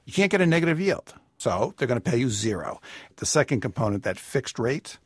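A man with a slightly husky voice answers listener questions on a radio money show. He explains things in a measured, patient way with a dry, wry edge. The studio sound is close and dry. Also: medium pitch, big pitch swings, no echo. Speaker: personal finance expert. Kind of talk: radio call-in advice.

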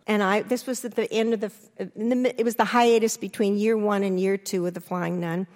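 An older woman, an interview guest, telling her story candidly and acting out remembered lines with lively restarts. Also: a little fast, in a large hall. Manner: animated, restarts, acts out quotes with rising pitch.

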